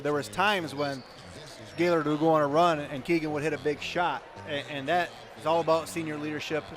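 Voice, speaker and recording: Folksy male color commentator. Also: fairly high pitch. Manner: folksy, uses fillers like you know. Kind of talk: postgame sports analysis. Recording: noisy gym crowd behind.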